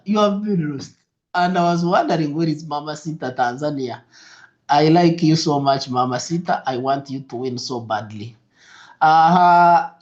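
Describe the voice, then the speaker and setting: A young adult man hosts a live trading stream, greeting viewers and repeating himself in an upbeat way, dropping into soft asides. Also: a little high. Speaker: trading mentor hosting a livestream. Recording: lo-fi stream audio.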